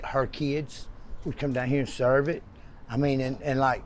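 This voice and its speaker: A man's voice: medium pitch, a little mellow, a little hiss or hum. An American man telling his own story in a park, rambling and repeating words as he goes. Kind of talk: casual storytelling. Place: outdoors in a park.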